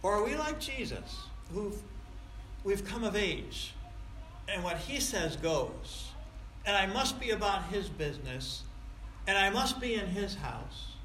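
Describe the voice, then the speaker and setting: A male pastor preaching a sermon emphatically, with big swings in loudness. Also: high-pitched, very animated, measured pace, slight background noise. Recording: echoey room.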